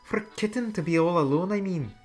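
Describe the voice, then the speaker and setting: Brief: hesitant young woman read by a man, lifted pitch, soft delivery. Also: fast talker, soft background music, close to an everyday voice.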